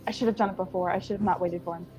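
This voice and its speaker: A woman's voice: fairly low pitch, fairly even intonation, racing, darkish tone, echoey room, soft background music, poor audio. A woman playing in a tabletop game, talking hesitantly with lots of fillers and apologies. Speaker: player. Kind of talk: tabletop role-play chat.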